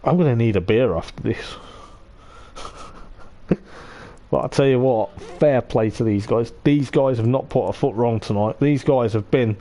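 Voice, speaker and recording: A man giving live commentary on an online racing league, excitable and repetitive, laughing often, his voice going hoarse. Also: mid-range voice, a little slow. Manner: excitable, repeats "I tell you what", laughs often. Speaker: race commentator.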